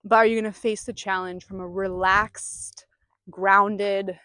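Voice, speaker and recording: Calm, soothing woman giving spiritual advice. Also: medium pitch, unhurried, no echo, clean studio sound. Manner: calm and soothing, with bursts of mock panic. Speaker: spiritual guide and channeler. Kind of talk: casual spiritual talk to camera. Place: outdoors.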